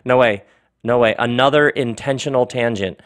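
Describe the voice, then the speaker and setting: Brief: male podcast host, jokey and lively, reading a nonsense tale. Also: mid-range voice, normal speed, clean tone. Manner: animated, joking, laughs often. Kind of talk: playful monologue and reading aloud.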